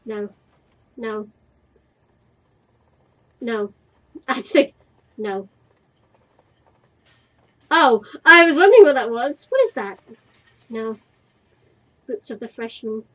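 A woman's voice: on the high side, lively intonation, slow, pauses often, a bit bright, low-quality recording. A young woman giving crude, cheeky let's-play commentary while playing a game, playfully exasperated at what is on screen. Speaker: gaming video creator.

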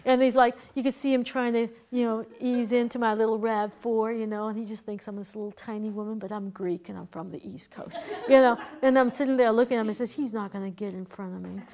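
Teacher, female, chatty and quick to laugh, fairly high voice, classroom feel. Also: steady tone, darkish tone. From Boston, USA. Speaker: herbalism teacher. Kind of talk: casual classroom lecture.

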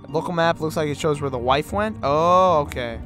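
A young man casually commenting on a horror game he plays, loud, excitable, laughing and swearing. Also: a little high, normal speed, faint music behind. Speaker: gaming host. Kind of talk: let's play commentary.

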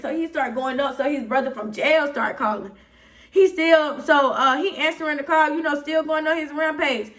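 Telling a story for a casual vlog, this young Southern woman from Atlanta has a high voice and a fairly bright tone, speaking at a normal speed. She rambles candidly, keeps asking listeners "you feel me," and heats up as she goes. The mic sounds a bit distant.

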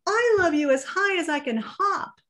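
A woman voicing a small, eager young male hare in a children's storybook reading, with high, excited declarations. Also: normal speed.

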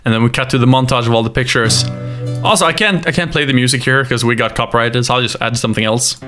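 A man casually talking through his own past videos, animated and laughing often, openly emotional at times. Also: medium pitch, fast talker. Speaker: YouTuber looking back on his videos. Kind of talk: casual commentary over his own clips. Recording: music bed under the voice. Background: his own music playing underneath.

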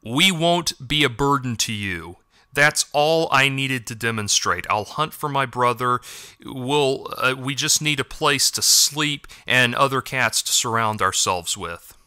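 A man's voice: mid-range voice, a little slow, pushed and bright, clear, resonant tone, dry recording, clean studio sound. A man doing a defiant albino cat fighter. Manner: defiant, blunt.

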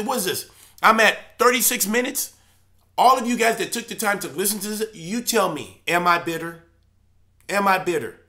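Passionate church elder guy, high bright voice, keeps repeating himself for emphasis. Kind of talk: impassioned preaching monologue.

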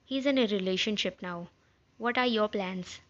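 A woman reads a fan fiction story aloud in a plain, even way. Her voice sits at a middle pitch, and the recording is slightly dull and lo-fi. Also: moderate pace. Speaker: story narrator.

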